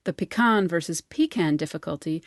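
Low-voiced American woman explaining language. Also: expressive, no room sound, clean studio sound. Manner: measured, explanatory delivery. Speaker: linguist and editor. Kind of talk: scripted explainer narration.

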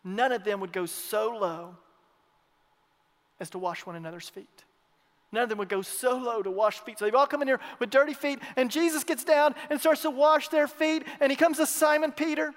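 A man preaching a sermon as pastor, emphatic, swinging between loud declarations and hushed asides, repeating his phrases. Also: very high voice, normal speed. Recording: long reverb of a large hall.

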